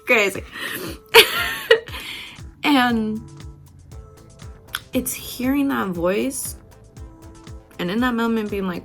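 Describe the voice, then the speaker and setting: A woman giving a casual, candid motivational talk while doing her makeup, swearing freely and laughing often, moving between loud outbursts and soft, gentle passages. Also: fairly high pitch, drawn-out words, creaky, pauses often, soft background music. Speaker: beauty vlogger.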